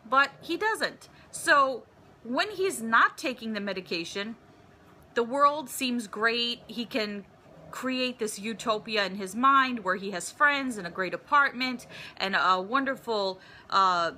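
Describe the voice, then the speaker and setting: A woman's voice: on the high side, expressive, measured pace, pushed and bright, a little hiss or hum. A woman giving a casual, rambling movie review, with plenty of fillers and restarts.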